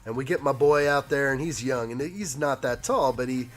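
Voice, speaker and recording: A hoarse man in his thirties hosts a live stream while building a toy set, chatting casually, joking, and reading viewer comments aloud. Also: medium pitch, normal speed, faint music behind.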